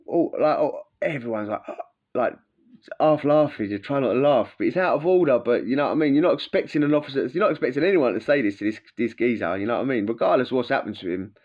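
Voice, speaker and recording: A man's voice: mid-range voice, fast talker, dull audio. A man telling stories casually in a rambling, slangy way, full of fillers and asides. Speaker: vlogger recounting prison life. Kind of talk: casual storytelling.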